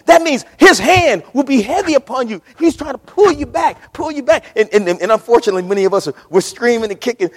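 A man's voice: extremely high pitch, animated, fast talker, few pauses, slightly rough. A man preaching a sermon to his congregation, impassioned and repetitive, often calling out to the church. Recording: reverberant church hall.

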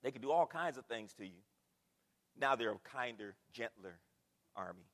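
An older man preaching a sermon in a church, animated, full of rhetorical questions and repetition. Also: mid-range voice, normal speed, in a large hall. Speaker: pastor. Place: church sanctuary.

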